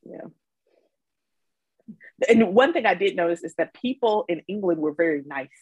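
Chatty Mississippi woman, podcast guest, slightly husky, dry and close. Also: lowish voice, expressive, moderate pace, darkish tone, dry recording, rough recording. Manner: chatty storyteller, laughs often. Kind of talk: casual chat.

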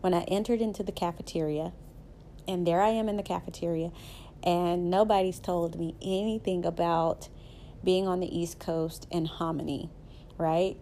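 A woman's voice: lowish voice, fairly even intonation, normal speed, dark tone, slight background noise. A woman with a Southern US accent, hosting a podcast and telling personal stories in a chatty, faith-based motivational talk, often checking in with the listener. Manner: chatty storytelling, often asks "right?". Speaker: podcast host.

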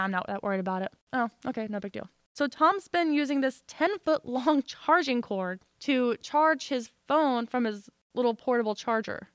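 On a casual podcast, a young woman co-host tells a funny story, animated and laughing through it. Her voice is a little high and clean, captured in a clean studio without echo.

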